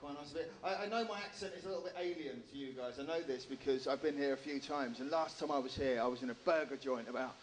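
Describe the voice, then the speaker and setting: A man in his thirties from England with an English accent, doing a stand-up set in a dry, self-deprecating way at a slow, deliberate pace. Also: mid-range voice, slight background noise, low-quality recording. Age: 30s. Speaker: stand-up comedian. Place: comedy club stage with a live audience.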